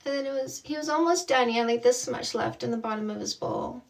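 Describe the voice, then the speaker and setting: A woman's voice: a little high, fast, vocal fry, recorded from a distance. A woman from Canada, a dating coach, chatting casually and bubbly with viewers on a livestream, often laughing.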